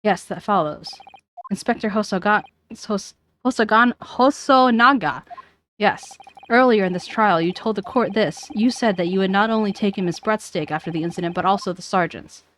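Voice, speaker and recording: A woman's voice: mid-range voice, fairly quick, slight background noise. Woman streamer reading game lines aloud. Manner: voices several characters, stumbles over names.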